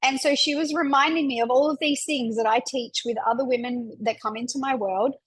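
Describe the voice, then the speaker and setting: A woman's voice: sits high, fairly even intonation, fairly quick, rough recording. A woman hosting a podcast, telling a personal story in an open, emotional way with lots of "like" fillers. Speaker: podcast host and women's coach.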